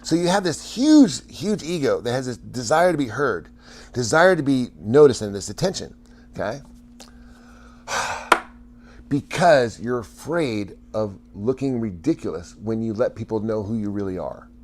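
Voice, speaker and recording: A man's voice: mid-range voice, lively intonation, a little slow, a little mellow. A man hosting a casual livestream, chatting with viewers in a rambling way, often stammering, restarting and laughing.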